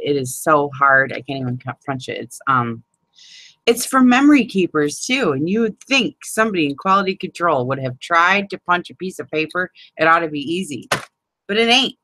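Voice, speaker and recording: A woman's voice: sits low, sharp tone, dry recording, rough recording. A woman hosting a live crafting chat, rambling and exasperated, swearing and laughing as she talks to viewers by name. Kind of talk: casual live chat, demonstrating a paper craft.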